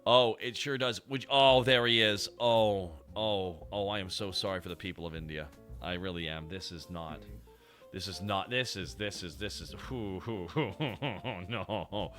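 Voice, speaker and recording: A man hosting a stream, casual and excitable, swearing a lot and laughing often. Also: sits low, moderate pace, soft background music. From Canada. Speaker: streamer host.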